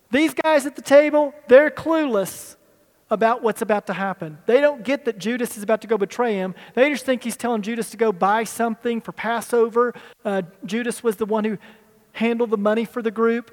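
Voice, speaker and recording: A male pastor teaching a sermon with slides, talking conversationally and asking the people in the room. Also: very high-pitched. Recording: long hall reverb.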